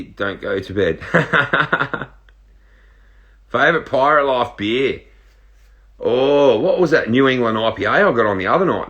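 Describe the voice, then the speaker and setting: An Australian man in his thirties, casually reading viewer questions out loud and answering them in a laid-back, joking way. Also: medium pitch. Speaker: reality show contestant answering live viewer questions. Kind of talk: casual live-stream Q&A.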